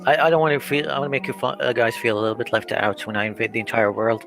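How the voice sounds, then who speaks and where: A man's voice: mid-range voice, racing, vocal fry. A man from Turkey on a casual stream chat, making long, earnest arguments. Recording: faint music behind.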